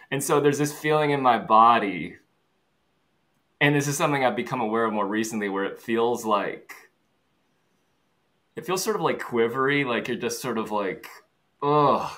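A man as an interview guest, talking in a fast, rambling, self-aware way. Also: medium pitch, fairly bright tone. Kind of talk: casual conversation.

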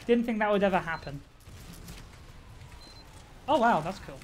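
A woman's voice: mid-range voice, lively intonation, takes it slowly. Woman, live streamer, casual gaming commentary, chatty, swears and laughs a lot, faint background hiss. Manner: chatty, swears and laughs often, reacts to chat.

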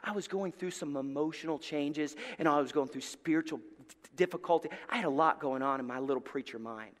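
A man from Alabama with a Southern accent, preaching a sermon in a church and telling a story, moving from hushed tones to loud bursts. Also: a little high, fairly quick, big-room sound. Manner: animated, swings from hushed to loud, acts out voices. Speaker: pastor. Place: church sanctuary.

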